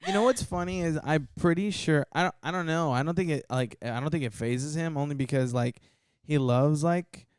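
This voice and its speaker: A man's voice: on the high side, moderate pace, darkish tone, smooth, dry recording, studio quality. A man hosting a podcast, talking casually with hesitant restarts and casual swearing. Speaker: podcast host.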